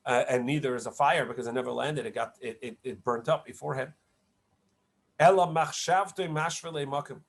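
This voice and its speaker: Halting rabbi teaching a Talmud page. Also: male voice, mid-range voice. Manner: explanatory, halting with many fillers and restarts. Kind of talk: online Talmud lecture. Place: home setup, online class.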